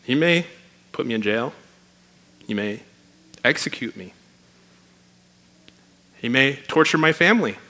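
A man's voice: medium pitch, sharp tone. A man preaching a sermon in a conversational, emphatic way, reading scripture aloud.

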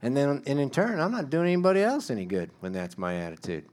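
A man's voice: medium pitch, very animated, fast, a little mellow. A middle-aged man preaching a sermon in a conversational, self-deprecating way, building to emphatic bursts.

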